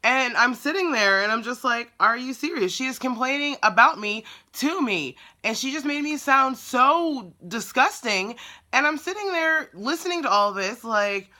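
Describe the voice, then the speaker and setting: Blunt, exasperated woman vlogger telling a story. Sharp, bright tone. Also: high voice, lively intonation, moderate pace. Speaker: dog groomer. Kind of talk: casual storytelling vlog.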